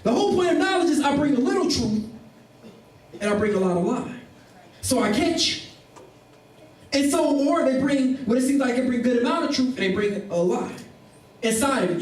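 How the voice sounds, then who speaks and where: A man preaching a sermon as pastor, animated and acting out the people in his stories. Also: very high-pitched, normal speed, long pauses. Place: church. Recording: echoey room, mic at a distance.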